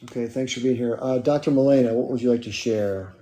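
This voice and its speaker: A man hosting and moderating a live-stream debate, handing over the floor briskly and in procedural terms. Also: medium pitch, mellow.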